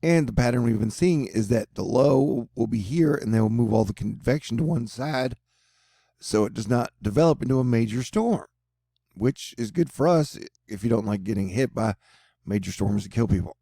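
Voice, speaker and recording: A man's voice: mid-range voice, expressive, moderate pace, gravelly, warm tone, no room sound, clean studio sound. A man with a Texan accent hosting casual storm-tracking commentary over forecast maps, rambling with offbeat jokes. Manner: joking, rambling, offbeat asides. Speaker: weather video host.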